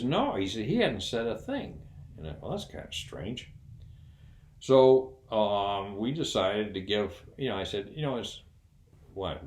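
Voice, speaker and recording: A man's voice: low-pitched, a little mellow, reverberant. An older man casually telling a funny personal story, acting out the other people's voices and laughing along as he goes. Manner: folksy, laughs while telling.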